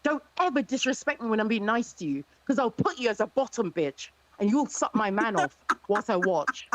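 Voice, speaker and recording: A woman's voice: a little high, lively intonation, moderate pace, dry recording, rough recording. A woman taunting and mocking someone over and over in a heated insult exchange on a live stream.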